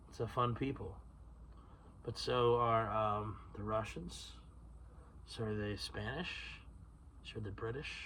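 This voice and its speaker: A man's voice: mid-range voice, fairly bright tone, a little hiss or hum. A man hosting a solo podcast, rambling through tangents, swearing freely and laughing at himself. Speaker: podcast host.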